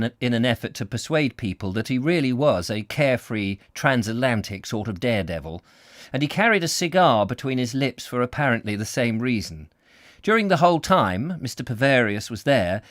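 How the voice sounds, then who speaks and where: A man reading a story aloud at home, relaxed and unpolished, who often trips over words and corrects himself. His pitch moves a lot through each sentence, and the sound is dry and close with no room in it. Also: no room sound. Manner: stumbles, laughs and apologizes often. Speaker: audiobook reader. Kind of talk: casual read-aloud story narration.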